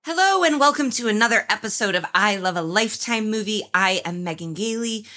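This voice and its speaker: A woman's voice: mid-range voice, expressive, brisk, sharp tone. A pregnant woman in her thirties co-hosting a comedy podcast, rambling and self-deprecating, laughing often. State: heavily pregnant. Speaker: podcast co-host. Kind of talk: casual comedic chat.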